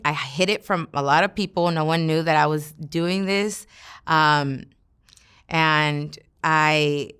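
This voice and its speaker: Young woman from LA, candid interview, low-ish smooth voice, lots of "like". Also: fairly bright tone. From Los Angeles area. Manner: casual, profane, heavy use of "like". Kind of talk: candid personal storytelling.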